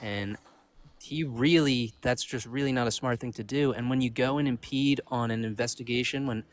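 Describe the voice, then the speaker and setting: A man's voice: mid-range voice, fairly even intonation, normal speed. A man taking part as a guest in a livestream debate, speaking hesitantly and rambling.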